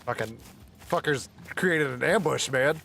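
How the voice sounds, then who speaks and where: A man's voice: mid-range voice, measured pace, vocal fry, bright, forceful tone, a little hiss or hum. Profane, jokey male game streamer. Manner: loose, profane, jokey, often laughing. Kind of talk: casual live-stream gaming chat.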